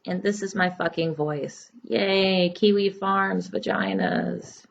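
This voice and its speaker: A crude, mocking puppy girl, as a woman voices her. Her voice is lowish and gravelly, the pace slow. The clip sounds dull and lo-fi. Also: a little hiss or hum.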